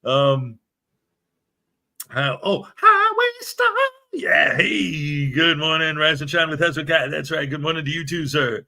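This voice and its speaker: A man's voice: on the high side, unhurried, vocal fry, pushed and bright. A man hosting a casual morning livestream, chatty and jokey as he reads viewer comments aloud. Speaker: livestream show host.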